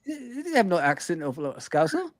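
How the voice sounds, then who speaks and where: A man who is a guest in a casual football fan chat. He is animated, repeats himself and often addresses the host by name. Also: high voice, fast, no echo.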